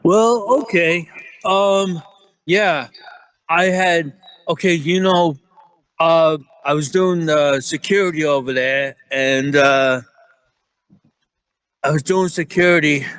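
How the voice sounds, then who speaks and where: A man with a New York accent telling rambling, profane stories in a casual chat, often getting excited as he acts out what people said. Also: on the high side, slow pace, long pauses, clean tone, no room sound. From Staten Island, New York. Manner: profane, rambling, excitable when acting out quotes. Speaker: security guard guest.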